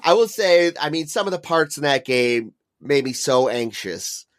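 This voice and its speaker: A man co-hosting a casual podcast, relaxed and agreeable, and cursing now and then. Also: fairly high pitch, normal speed. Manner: laid-back, agreeable, profane. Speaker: podcast co-host.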